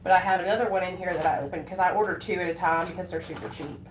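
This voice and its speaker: A woman's voice: lowish voice, fairly even intonation, very fast. A woman, chatting on a casual live stream in a rambling, emotional way with many fillers and restarts. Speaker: livestreaming vlogger. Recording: echoey room with faint noise.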